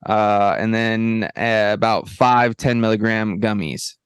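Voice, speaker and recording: A man co-hosting a podcast in a laid-back, casual chat, high on edibles, peppering his talk with "bro" and "you know what I mean". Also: steady tone, slow pace, clear, resonant tone, no echo, clean studio sound. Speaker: podcast co-host.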